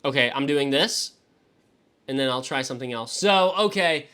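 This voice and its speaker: A man's voice: mid-range voice, expressive, moderate pace, a bit bright, smooth. A young man streaming live, chatting casually and swearing loosely as he reacts to his chat. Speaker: fantasy football streamer.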